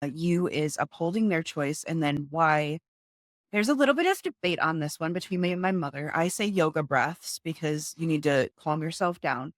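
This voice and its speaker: A woman's voice: low voice, moderate pace, dry recording, studio quality. A young woman and mother of two, a guest in a casual interview, talking earnestly over a video call and acting out her talks with her kids.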